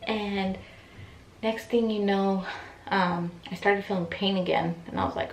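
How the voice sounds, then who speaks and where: A young woman telling a personal story in a casual, animated way, acting out what people said. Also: medium pitch, a little slow, a little hiss or hum. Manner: chatty, animated retelling with quoted voices. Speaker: vlogger. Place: room at home, in pajamas. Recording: echoey room, mic set back.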